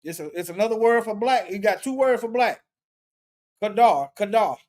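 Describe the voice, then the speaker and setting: Reading from a lexicon during a casual Bible study, a man thinks out loud in everyday speech, often repeating and restarting phrases as he looks up words. His voice sits high and sounds expressive and somewhat dark, at a moderate pace.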